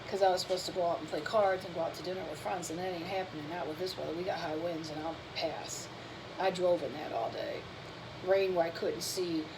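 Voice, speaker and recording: Over a noisy background, a woman with a fairly low voice hosts her own cooking channel. Tired and yawning, she rambles casually and candidly to viewers about fitness and her feelings.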